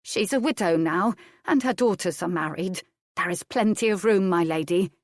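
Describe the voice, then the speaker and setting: A woman reads a proud old female servant who snaps at her mistress in a sharp, scolding tone. The voice sits low and the recording is dry and close. It is an audiobook reading. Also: moderate pace, no echo, natural voice. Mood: firm.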